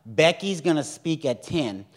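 A young man preaching a sermon in a lively, joking way, acting out the voices of others. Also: a little high, unhurried.

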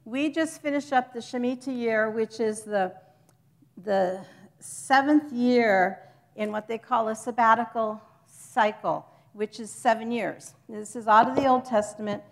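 A woman's voice: fairly high pitch, measured pace, gravelly. A woman giving an informal church teaching to a congregation, chatty and joking with them, stopping to correct herself.

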